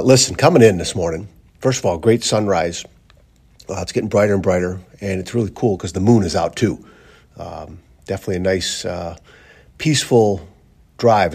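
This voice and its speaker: A man's voice: low-pitched, gravelly, slightly rough. A man hosting a daily motivational podcast, talking earnestly in a rambling, casual way with many fillers and repeated phrases. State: briefly choked up. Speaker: motivational podcast host, coach. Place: driving to work, in a car.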